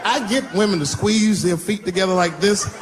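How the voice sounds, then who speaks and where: A man's voice: high-pitched, moderate pace, noisy background. A middle-aged man doing stand-up comedy on stage, telling a story and acting out both sides of a phone call. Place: comedy stage before a live audience.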